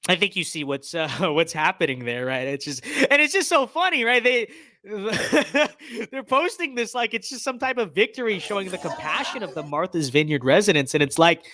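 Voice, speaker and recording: A male host of a political commentary show who talks in a sarcastic, mocking tone. He stumbles through fillers and restarts as he goes. His pitch rises and falls a lot, and the sound is dry with no room echo. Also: expressive, normal speed, bright, forceful tone.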